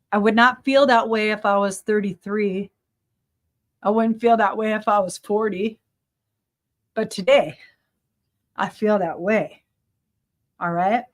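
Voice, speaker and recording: Earnest middle-aged woman teaching spirituality. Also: mid-range voice. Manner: earnest, repeats phrases and affirmations for emphasis.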